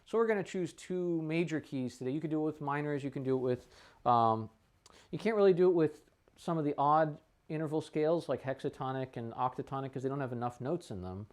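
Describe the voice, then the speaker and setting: A man teaching a trumpet warm-up in a practice room, talking casually, thinking aloud with fillers and the odd cleared throat. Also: a little high, a little fast. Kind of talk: casual instructional talk.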